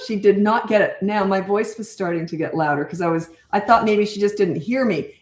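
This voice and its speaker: A woman's voice: medium pitch, lively intonation, a little fast. A Canadian woman in her sixties, a parenting coach who answers viewer questions and drifts into long laughing stories in easy, casual chat. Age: 60s. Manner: chatty, laughing storyteller who drifts off topic. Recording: roomy echo.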